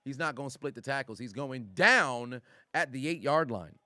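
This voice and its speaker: A man doing a mock play-by-play, voicing an excited male football announcer with a hyped broadcast delivery. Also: medium pitch, normal speed, no room sound, clean studio sound.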